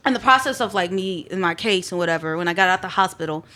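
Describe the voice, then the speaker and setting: A woman telling a personal story as a panel guest, lively and acting out what people said. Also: fairly low pitch, fast. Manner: lively storyteller, often acts out quotes.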